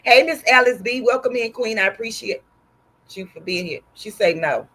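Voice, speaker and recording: A woman's voice: a little high, lively intonation, normal speed, a bit bright. A woman with a Texas accent and a sore throat, hosting a casual embroidery livestream and chatting with viewers by name.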